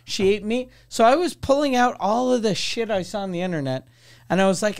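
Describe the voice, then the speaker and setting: A man's voice: high-pitched, fairly quick, clean tone. A man hosting a podcast, telling stories in a blunt, sweary, casual way. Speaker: podcast host.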